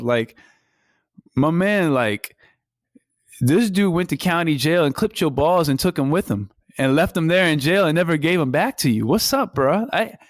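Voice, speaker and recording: A man co-hosting a wrestling podcast in casual chat, animated, acting out quotes in slang. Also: a little high, no echo, studio quality. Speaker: podcast co-host.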